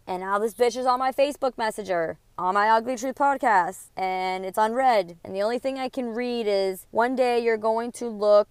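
A woman's voice: medium pitch, clean tone, no echo. A woman hosting a podcast, telling a heated personal story with lots of swearing and quoted dialogue. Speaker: podcast host. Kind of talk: casual storytelling monologue.

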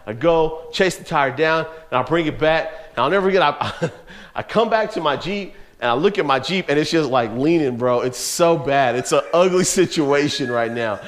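Young man, youth pastor, lively storytelling sermon, slangy, fairly high voice. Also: normal speed. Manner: animated storyteller, casual slang, frequent laughs.

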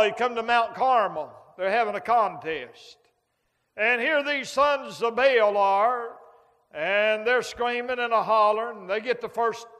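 A man's voice: high voice, fairly bright tone. A man preaching a folksy sermon, telling stories with sound effects and humor as a traveling preacher. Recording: long hall reverb.

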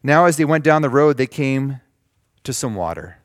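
A man delivers a sermon in a mid-pitched voice, slowing down to stress scripture passages and explaining them plainly. The sound is dry and close, with no room echo. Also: animated. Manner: reads scripture slowly and emphatically, explains plainly. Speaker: pastor.

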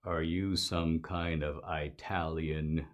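A man voicing a gruff, hostile Klan leader who speaks slowly and menacingly. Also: a bass voice, little pitch movement, lo-fi sound, voice pushed down. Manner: slow, growling, threatening.

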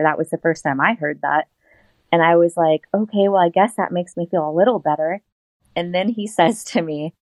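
A woman telling a personal story in an interview, animated and laughing often as she acts out what she said at the time. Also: fairly low pitch, no room sound, rough recording. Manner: animated, laughs often, acts out her own past lines. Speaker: guest.

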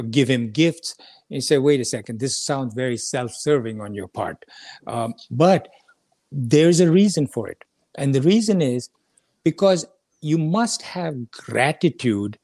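Guy teaching scripture, earnest and explainy, says key stuff twice, dry close sound, middle pitch. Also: dark tone, dry recording. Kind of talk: conversational scripture lesson.

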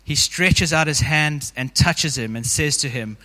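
A man delivers a relaxed, conversational sermon to his congregation, his voice a little high and strikingly bright. He keeps talking in an easy, informal way and leans on "you know" again and again. The sound carries the long reverb of a large hall. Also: a little slow. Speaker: preacher.

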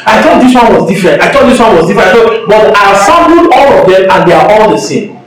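A man's voice: high-pitched, animated, fast talker. A man preaching a sermon as pastor, emphatic and acting out quoted voices. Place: church sanctuary. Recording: echoey church from a distant mic.

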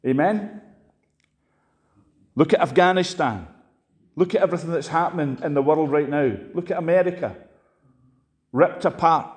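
Impassioned high-voiced male preacher. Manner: impassioned preaching, swings between loud emphatic peaks and hushed asides. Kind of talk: sermon.

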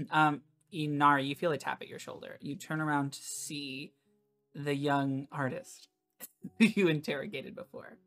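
Low-voiced woman running a tabletop game. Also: measured pace, fairly bright tone, faint music behind. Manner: casual narration with fillers. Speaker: game master.

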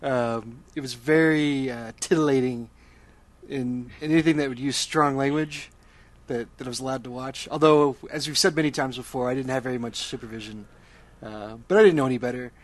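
A man's voice: medium pitch, brisk, no room sound. Male podcast co-host, wry and self-mocking, dry close recording. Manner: wry, self-deprecating, laughs often. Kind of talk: casual chat.

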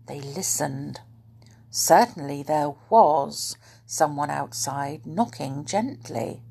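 Breathy woman reading a storybook aloud. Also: sits low, slow pace. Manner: animated, dropping to whispers. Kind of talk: reading a children's book aloud.

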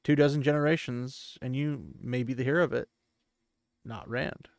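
A weathered old gleeman muses quietly about fate and stories, as a man reading aloud gives him voice. The delivery stays close to an everyday speaking voice, at a middling pitch, and the recording is dry and close. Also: steady tone, normal speed, vocal fry, no room sound, close to an everyday voice. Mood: wistful. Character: weathered older male gleeman, wistful and musing.

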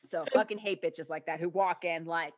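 A woman's voice: on the low side, steady tone, normal speed, darkish tone, dry recording. A woman hosting a podcast who rants in casual, heavily profane talk about work stories. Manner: profane, fired-up ranting. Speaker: podcast host. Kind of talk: casual chat.

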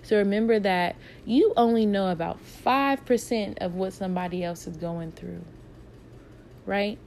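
A woman's voice: medium pitch, a little slow, darkish tone, slight background noise. A woman in casual advice talk who answers viewer questions from her work with patients. She is reflective and encouraging, and she circles back to repeat her main points.

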